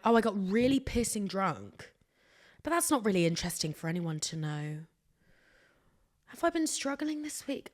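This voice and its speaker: A woman chats on her own podcast in a loose, rambling way. She mocks herself as she goes and jumps from loud outbursts to hushed whispers. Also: medium pitch. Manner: rambling, animated, self-mocking storytelling with sudden whispers. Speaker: podcast host. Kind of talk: casual solo podcast chat.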